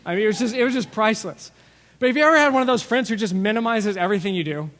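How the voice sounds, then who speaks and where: A middle-aged man preaching a sermon as pastor, telling stories with lively asides and acting out what people said. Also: sits high, very fast. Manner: storytelling, animated with asides and acted-out quotes. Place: church sanctuary. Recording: long reverb of a large hall.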